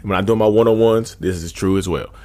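A man's voice: deep voice, a little fast, a little mellow. A man talking straight to his viewers in a casual, informal way, often restarting and repeating his phrases. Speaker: vlogger speaking about narcissism. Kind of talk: casual direct-to-camera talk.

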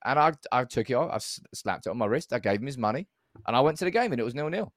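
A man rattles through a story at a fast clip, animated and loose with the swearing. His voice sits at an ordinary middle pitch, and the sound is close and dry with no room around it. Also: no echo. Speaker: podcast co-host. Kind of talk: casual banter, anecdote telling.

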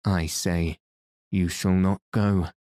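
A man's voice: deep voice, steady tone, takes it slowly, warm tone, no echo, studio quality. A man reading the lines of a stern, threatening middle-aged banker in an audiobook. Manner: stern, demanding.

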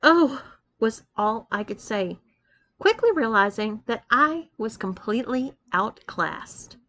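A woman's voice: a little high, animated, measured pace, a bit bright. A woman reading a story aloud. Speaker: story reader.

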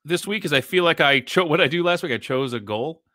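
A man co-hosting a casual podcast, animated and rambling, laughing often. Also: a little high, fairly quick, dry recording, studio quality. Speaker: podcast co-host. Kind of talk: casual chat.

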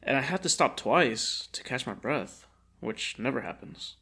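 A man's voice: mid-range voice, lively intonation, unhurried, gravelly, sharp tone, slightly rough. A young man co-hosting a podcast in casual chat, slangy and laughing as he tells stories. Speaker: podcast co-host.

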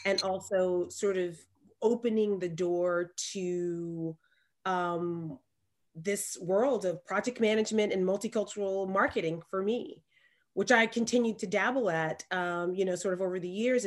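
A woman from Alabama with a Southern accent, co-hosting a podcast in animated, emphatic casual chat. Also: lowish voice, unhurried. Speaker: podcast co-host.

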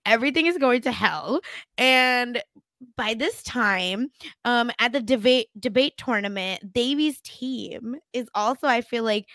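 A woman's voice: on the high side, expressive, unhurried, fairly bright tone, no echo. Young woman podcast cohost, casual recap, dramatic little asides, dry close sound. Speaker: podcast co-host.

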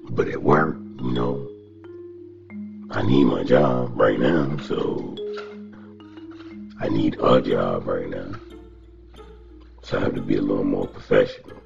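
A man telling animated stories in a casual podcast monologue, cursing often and laughing as he rants. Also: a bass voice, gravelly, dull audio.

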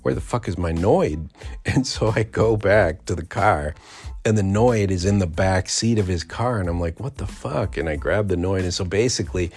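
Deep voiced guy in his 40s telling a rambly sweary story, laughs a lot. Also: moderate pace, darkish tone, husky, soft background music. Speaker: podcast host. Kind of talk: casual storytelling.

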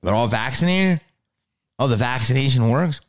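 A man delivering a heated, profane ranting monologue, swinging between low growls and high outbursts. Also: animated, normal speed.

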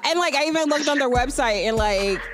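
A woman's voice: high voice, lively intonation, fairly quick, over music. A woman hosting a podcast in casual interview chat, bubbly and laughing often. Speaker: podcast host.

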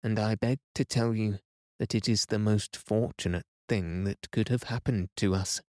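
A man voicing an unflappable older professor who speaks in a calm, measured, slightly provoking way. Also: on the low side, no echo, studio quality, close to an everyday voice.

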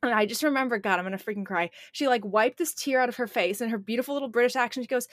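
A woman's voice: a little high, rapid-fire, hardly any pauses. A woman in her twenties, a podcast co-host telling stories in casual chat, full of fillers. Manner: chatty storyteller, lots of "like" fillers.

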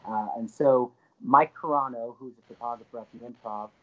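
Lively male storyteller, muffled sound. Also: mid-range voice, moderate pace. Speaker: actor and co-author guest. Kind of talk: storytelling interview. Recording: dull lo-fi recording.

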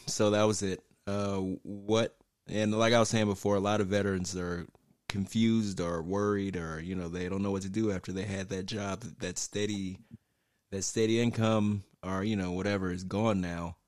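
A man's voice: on the low side, little pitch movement, normal speed, no echo. A man hosting a podcast, a former police officer, talking in a laid-back, wry way with casual swearing.

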